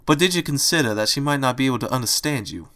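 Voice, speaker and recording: A man's voice: mid-range voice, animated, fast talker, fairly bright tone, natural voice. A man doing a grumpy wiseguy bunny boss. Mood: dry. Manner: dry, gruff wiseguy talk. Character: grumpy, streetwise male pet bunny boss.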